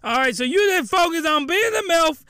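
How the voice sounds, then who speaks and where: A man voicing a ranting, angry middle-aged stepfather who yells indignantly. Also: sits high, brisk, clear, resonant tone, no room sound, studio quality. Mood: scolding. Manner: yelling, indignant, scolding.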